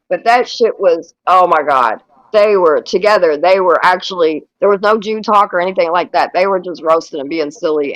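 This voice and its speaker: A woman's voice: lowish voice, no echo, poor audio. A woman chatting casually on a livestream panel, swearing freely, laughing often and acting out what others said. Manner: profane, laughs a lot, animated storytelling. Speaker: panel guest.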